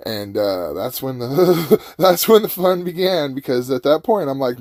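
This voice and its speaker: A man's voice: medium pitch, animated, measured pace, few pauses, no room sound, studio quality. A man telling a personal story in a casual, rambling, folksy way, full of "man" and "I'm like".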